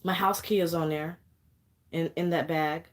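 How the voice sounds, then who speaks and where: A woman's voice: deep voice, fairly even intonation, a little slow. A young woman venting on camera in an angry, profane vlog rant, fighting back tears. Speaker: vlogger.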